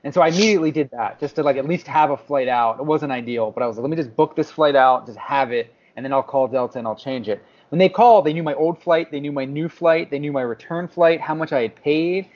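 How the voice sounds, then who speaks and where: A podcast co-host with a slightly high voice speaks fast with few pauses. Casually telling a story, he animatedly acts out what other people said, and the lo-fi audio is slightly dull.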